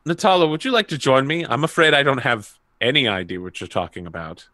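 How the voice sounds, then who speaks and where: A man plays a calm, sly noble courtier in a tabletop game, speaking in a measured, coolly reasoning way. His bright voice sounds close and dry. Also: medium pitch, dry recording. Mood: innocent.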